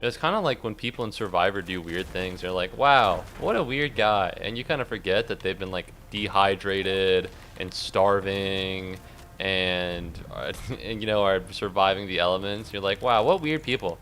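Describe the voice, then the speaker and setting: A man's voice: low voice, steady tone, moderate pace, fairly bright tone, slight background noise. A young man streaming a game, rambling and sarcastic, swearing a lot and yelping suddenly at the game. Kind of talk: casual gameplay commentary.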